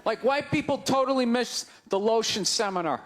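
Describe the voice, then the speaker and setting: A man doing a stand-up set, ranting in a high, strained voice and shouting the punchlines. He works a handheld mic on a big stage, and a laughing audience fills the noisy live recording. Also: expressive, moderate pace. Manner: loud, ranting, incredulous delivery with shouted punchlines. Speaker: stand-up comedian. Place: large comedy venue on stage. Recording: live show with crowd laughter and noise. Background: audience laughing and groaning.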